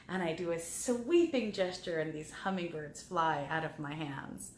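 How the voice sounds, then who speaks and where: A woman's voice: on the low side, moderate pace, few pauses, echoey room, a little hiss or hum. A woman guest on a talk show, telling personal stories in a heartfelt way and repeating words as she remembers. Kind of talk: personal storytelling.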